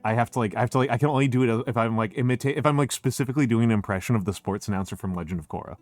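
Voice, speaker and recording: A talkative man speaking with a General American accent, hosting a relaxed chat and walking through history with many restarts. His voice sits at an ordinary pitch and sounds close and dry, with faint music underneath. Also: very fast, dry recording. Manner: chatty, restarts often, lectures on history. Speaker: streamer host. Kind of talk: casual chat.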